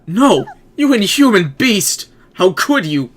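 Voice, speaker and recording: A man putting on a high voice for a frightened, earnest young princess, with exaggerated pleading. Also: sing-song, slow pace, slight background noise, exaggerated voice. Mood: distraught.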